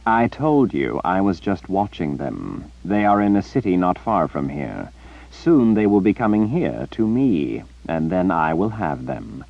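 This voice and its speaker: A man's voice: low voice, sing-song, a little slow, vocal fry, no echo, full character voice. An arrogant, theatrical sorcerer, as a male narrator puts him on in a raised, drawling voice that swings between lofty and sneering. The recording is dry and somewhat muffled. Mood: haughty. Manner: drawling, haughty, dismissive.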